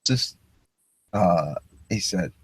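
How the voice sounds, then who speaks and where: A man's voice: deep voice, drawn-out words, slightly rough, dry recording. Brief: male caller, casual storyteller, swears, plays both sides of a dialogue, dry mic. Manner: animated, acts out both sides of the exchange, swears. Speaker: caller recounting a police stop.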